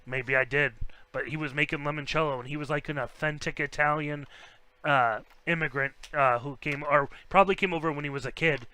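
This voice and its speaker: Bright, chatty man hosting a card break. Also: fairly high pitch, steady tone, brisk, clear, resonant tone, low-quality recording. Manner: chatty, rambling, jokey. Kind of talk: casual live-stream chat.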